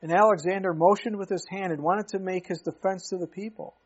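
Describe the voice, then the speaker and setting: A man's voice: high voice, steady tone, brisk, husky, dull audio. A man preaching an expository sermon in a conversational, emphatic way, often asking rhetorical questions. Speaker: pastor.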